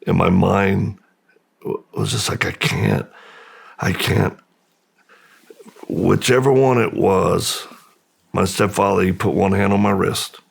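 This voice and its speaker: A middle-aged American man, a podcast guest, slowly and haltingly recounting a painful memory in a subdued, gravelly voice. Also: deep voice, steady tone. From United States. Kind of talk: personal storytelling in interview.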